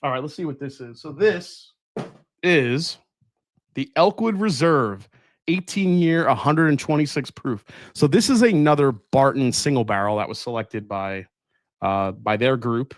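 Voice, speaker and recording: A middle-aged man chats casually on a live stream, unboxing and answering his viewers. He rambles and thinks out loud with plenty of fillers and restarts, in a mid-range voice. The sound is close and dry. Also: medium pitch, a little slow, no room sound. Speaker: whiskey reviewer hosting a live stream.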